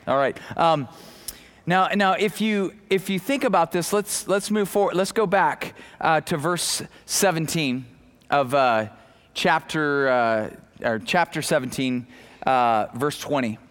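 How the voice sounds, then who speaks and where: A man preaching a sermon as pastor, animated and conversational, acting out the people in the story, with many fillers and restarts. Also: fairly high pitch, unhurried.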